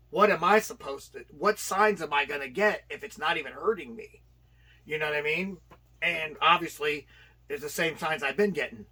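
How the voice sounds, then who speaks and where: A man's voice: on the high side, bright, forceful tone, slightly rough. A middle-aged man, a professional wrestler, telling his story as an interview guest and acting out the dialogue. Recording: distant mic with faint noise.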